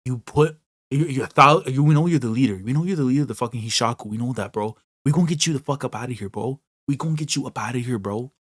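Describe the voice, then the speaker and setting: A fast-talking male host with a medium-pitched voice reacts to a manga he's reading. He's excitable and slangy, going from muttered dismay to loud outbursts and back.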